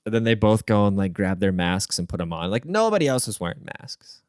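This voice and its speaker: A man with a lowish, smooth voice that swings all over as he tells stories, crude and profane, rambling from one tangent to the next. He sounds dry and close, with no room around him. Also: big pitch swings, a little fast, no echo. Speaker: podcast host. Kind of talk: casual solo podcast rant.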